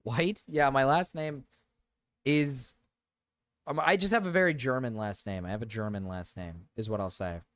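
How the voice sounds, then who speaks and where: A man's voice: mid-range voice, moderate pace, a bit bright, no room sound, clean studio sound. A man streaming, rambling through joking rants with lots of repetition and swearing. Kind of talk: casual live-stream chat.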